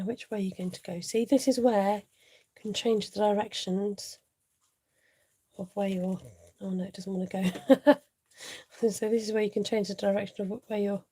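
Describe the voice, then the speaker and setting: A mellow-voiced woman hosts a relaxed live crafting demo. She chats to viewers and thinks aloud as she works, in an easy, rambling way. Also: mid-range voice, moderate pace, pauses often, husky. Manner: chatty, thinks aloud, greets viewers, often laughs. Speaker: crafting tutorial host.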